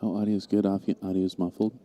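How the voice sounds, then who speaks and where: A man's voice: deep voice, little pitch movement, racing, mellow, slight background noise. A man giving casual live commentary on a pool match, talking steadily through the shot choices.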